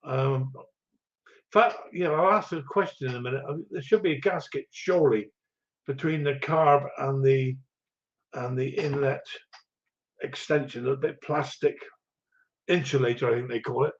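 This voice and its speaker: A man's voice: medium pitch, moderate pace, long pauses. A middle-aged man hosting a livestream, chatting casually and rambling through viewer greetings with lots of ums and chuckles. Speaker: livestream host. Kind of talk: casual live chat reading viewer comments. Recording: dull lo-fi stream audio.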